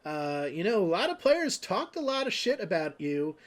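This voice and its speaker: A man's voice: high voice, very animated, moderate pace. A man hosting an online darts league broadcast, interviewing players after their matches in a loose, casual way. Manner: casual, rambling questions with fillers. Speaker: host and commentator.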